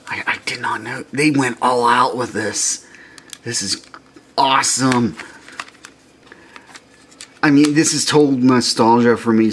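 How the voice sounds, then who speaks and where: A man gushing over toys in a casual unboxing vlog, excitable, with mumbled asides and swearing. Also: medium pitch, slight background noise. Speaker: toy unboxing vlogger.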